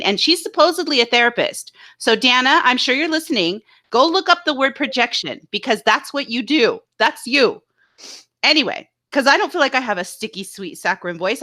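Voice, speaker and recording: A woman co-hosting a casual live stream, telling a story in an animated, indignant way. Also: a little high. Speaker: co-host.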